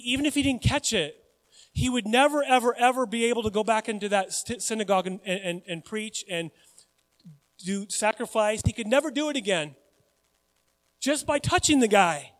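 A male pastor preaching a sermon in a conversational, animated way, often putting questions to the congregation. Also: sits high. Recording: long hall reverb.

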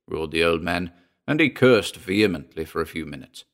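A man narrating a 1940s pulp story in a steady, dramatic reading. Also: sits low, normal speed. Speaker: audiobook narrator.

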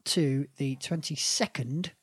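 A woman's voice: low-pitched, takes it slowly, husky, dry recording. A woman co-hosting a podcast in casual chat, upbeat and teasing as she reads out show listings. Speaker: podcast co-host.

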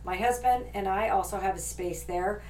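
A woman's voice: medium pitch, moderate pace, darkish tone. A middle-aged woman hosting a podcast, chatting casually and laughing often. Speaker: podcast host and shop owner. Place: indoor room, on a couch. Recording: echoey room, distant mic, faint noise.

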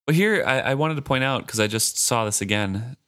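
A man co-hosting a casual book discussion, talking in a relaxed, chatty way with many hedges and reading passages aloud. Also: mid-range voice, a little fast.

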